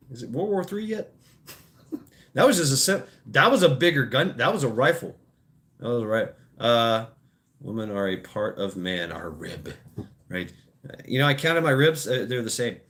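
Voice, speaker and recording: This livestream host's medium-pitched, fairly bright voice swings widely in pitch; he talks at normal speed but pauses a lot. Opinionated and rambling, he wanders between topics, stammering and repeating himself, and he swears freely with crude, casual profanity.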